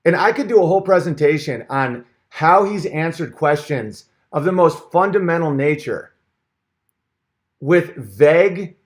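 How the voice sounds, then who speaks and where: A man's voice: on the high side, lively intonation, measured pace. A man hosting his own channel, ranting in a heated, sarcastic, profane way, with rambling restarts and asides. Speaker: channel host. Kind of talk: comedic rant vlog.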